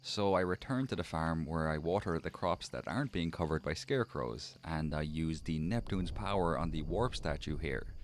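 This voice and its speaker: A young man narrating his gameplay in a deadpan, mock-formal comic way. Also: very deep voice, moderate pace, hardly any pauses. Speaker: gaming channel narrator. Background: faint game background music.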